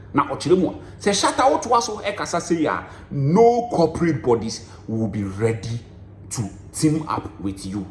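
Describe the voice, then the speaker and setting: Lively Ghanaian presenter man, roomy. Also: mid-range voice. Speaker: channel presenter. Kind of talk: news recap in Twi and English. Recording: roomy sound with faint noise.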